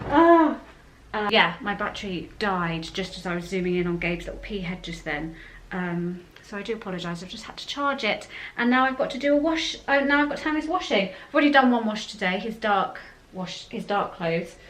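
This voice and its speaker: A young woman, chatting casually to camera in a vlog about family life, laughing often and talking softly to her son. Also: mid-range voice, a little fast, few pauses. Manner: chatty and self-deprecating, often laughing, with soft baby talk to her son. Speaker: vlogger. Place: home and outdoors in town.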